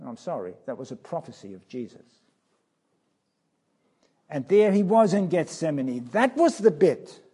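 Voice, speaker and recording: A man delivers a sermon at an unhurried pace, his voice mellow and slightly higher than most men's. He reads scripture with rising emphasis and sinks into hushed tones on key lines. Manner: slow, reading scripture aloud with swelling emphasis; drops to soft, hushed tones on key phrases. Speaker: preacher.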